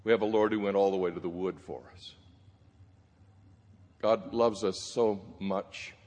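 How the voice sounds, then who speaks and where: A man preaching a sermon, telling stories and voicing the people in them with gentle humor. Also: on the low side, fairly even intonation, a little slow. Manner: storytelling with quoted voices, gentle humor. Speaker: pastor. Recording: reverberant hall.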